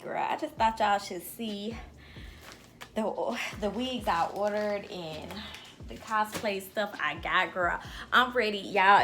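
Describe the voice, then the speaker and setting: A woman's voice: mid-range voice, slight background noise. A young woman in a casual, playful home vlog, trying on wigs and chatting, often breaking into laughter and bits of song. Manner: animated, playful, lots of "girl" and "y'all", bursts of laughter and singing. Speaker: vlogger reviewing wigs. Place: indoors at home.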